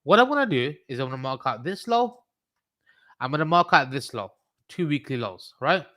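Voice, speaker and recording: A man's voice: medium pitch, sing-song, moderate pace, sharp tone, no room sound, clean studio sound. A man with a Birmingham accent hosting a trading livestream, talking through charts in a rambling, casual way, swearing and joking with his chat. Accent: Birmingham English.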